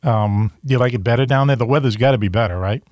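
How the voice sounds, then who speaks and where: A man's voice: medium pitch, fast talker, darkish tone, no room sound, studio quality. A man with a Boston accent hosting a casual video-call chat show, rambling and self-deprecating with lots of fillers. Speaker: host.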